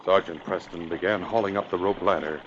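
A man narrating an old radio adventure drama in a brisk, dramatic way. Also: low-pitched, fairly even intonation. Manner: brisk and dramatic, rising with the action. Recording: dull old radio recording with hiss.

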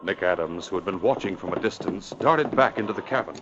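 Male narrator for a vintage radio adventure serial, crisp storytelling, muffled hissy audio. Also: low voice. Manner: brisk and dramatic, rising with the action. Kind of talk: 1950s radio drama narration. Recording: dull old radio recording with hiss.

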